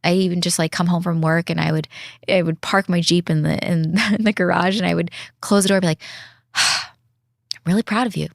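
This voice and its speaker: Earnest woman, low voice, dry sound. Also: fairly even intonation, gravelly, no echo. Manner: earnest, reflective, slows down when emphasizing. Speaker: podcast guest. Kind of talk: casual heartfelt conversation.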